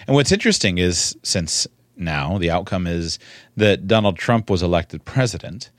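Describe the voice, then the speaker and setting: A man giving spoken commentary in a measured, earnest way, repeating words for emphasis. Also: lowish voice, dry recording, studio quality.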